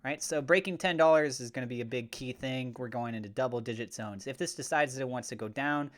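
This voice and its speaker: A man hosting a crypto channel, talking through price levels on charts in a steady way, with fillers like uh. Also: mid-range voice, fast. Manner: mock-gushing and over the top when praising. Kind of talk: chart analysis commentary.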